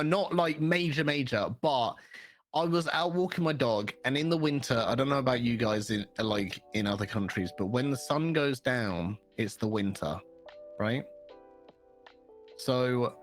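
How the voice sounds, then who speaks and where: A young man chats on a podcast and tells a long, rambling story full of swearing. His voice sits at an ordinary middle pitch for a man. Faint music plays quietly behind him. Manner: rambling, animated storyteller who swears freely. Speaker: podcast co-host. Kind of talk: casual podcast chat.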